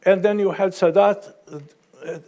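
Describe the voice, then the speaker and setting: A middle-aged man speaking as a panelist at a university event, wry at first and then measured and explanatory, often restarting his sentences. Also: high-pitched, steady tone, mellow. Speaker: panelist and professor.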